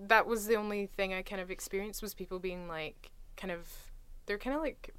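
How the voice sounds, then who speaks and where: A young woman talking casually as a guest, retelling stories in a chatty, animated way. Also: mid-range voice, fairly quick, clean tone, no echo. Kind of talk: casual conversation.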